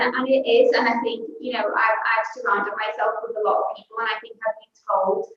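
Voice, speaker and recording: A woman guest sharing her personal story candidly and a little hesitantly, with soft laughs. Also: mid-range voice. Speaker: interview guest. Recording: echoey, distant, dull remote audio with faint noise.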